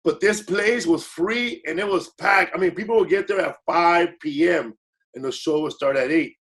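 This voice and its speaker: A man's voice: fairly high pitch, moderate pace, fairly bright tone. A man guest comedian telling stories in a casual, rambling way, correcting himself as he goes and slipping into Spanish phrases. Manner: laid-back, rambling, self-correcting, slips into Spanish phrases. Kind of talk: casual storytelling.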